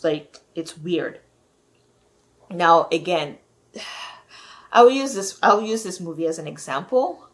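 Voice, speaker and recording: A woman talks straight to camera in a loose, rambling rant, piling up fillers as she circles her point. Her voice sits a little on the low side. She sounds thoroughly fed up. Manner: exasperated, rambling, heavy use of "like". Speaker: vlogger.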